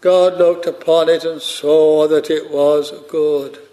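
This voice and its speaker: A man preaching a sermon in a measured, unhurried way, quoting scripture with old-fashioned phrasing. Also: fairly high pitch, steady tone, mellow.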